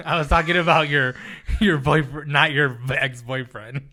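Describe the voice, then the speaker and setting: A man's voice: a little high, steady tone, unhurried, sharp tone. A young man co-hosting a podcast, telling stories in casual chat, laughing often and acting out what people said. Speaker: podcast co-host.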